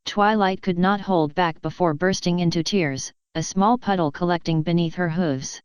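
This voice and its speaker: Smooth, clear woman narrator. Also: on the low side, moderate pace, few pauses, no echo, lo-fi sound. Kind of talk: audiobook narration of fan fiction.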